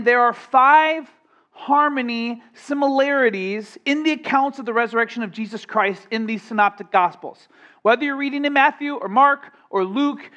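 A man preaching a sermon in a very high voice, lively and emphatic, with playful asides to the congregation. The recording sounds dull and lo-fi. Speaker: pastor.

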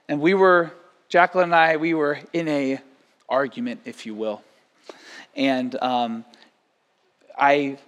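A man preaching a sermon as pastor, lively, acting out quotes and stories. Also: fairly high pitch. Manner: animated, acts out quotes and stories.

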